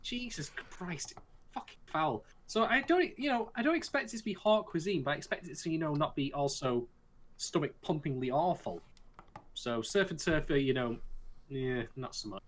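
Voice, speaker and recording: A man co-hosting an anime podcast, talking in an animated, profane, joking way. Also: on the high side, moderate pace. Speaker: podcast co-host. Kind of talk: casual anime discussion.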